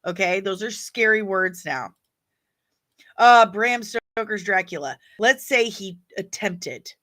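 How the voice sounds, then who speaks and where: A woman's voice: mid-range voice, animated, slow pace, a bit bright. A woman hosting a casual livestream, chatty and opinionated as she reacts to viewer comments. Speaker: livestream host reading chat.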